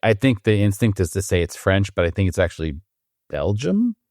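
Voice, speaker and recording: A man competing in a trivia game, joking and thinking out loud. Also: lowish voice, very animated, a little fast, dry recording, studio quality. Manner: jokey, thinks aloud. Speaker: trivia contestant. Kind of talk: casual game-show banter.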